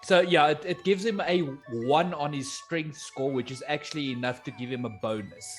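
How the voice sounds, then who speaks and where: A man narrating as game master, unhurried, often pausing on "uh" as he sets scenes and calls for rolls. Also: a little high, faint music behind. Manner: unhurried, with frequent "uh" pauses.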